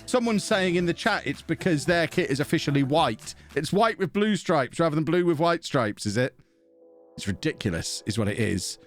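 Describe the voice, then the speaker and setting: This man's slightly high, animated voice moves at a normal speed as he streams a football management game with laid-back commentary. He reasons aloud, jokes at his own expense, and repeatedly stops to thank subscribers, with faint game music in the background.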